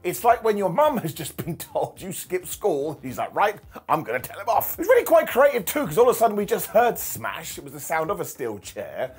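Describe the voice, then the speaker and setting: A man hosts a comedic wrestling recap. His voice sits high and swoops widely, and a husky edge runs through his sarcastic, mocking delivery. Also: wildly swooping pitch, brisk, few pauses, faint music behind. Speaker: wrestling show reviewer.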